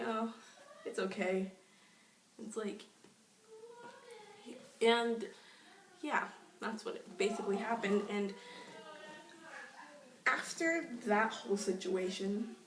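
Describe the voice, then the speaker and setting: A young woman telling a casual storytime vlog, gushing and excitable, peppering every sentence with "like," and calling herself shy and nervous. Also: medium pitch, far from the mic, a little hiss or hum. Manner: self-described shy and nervous. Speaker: vlogger. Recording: echoey room, voice off-mic.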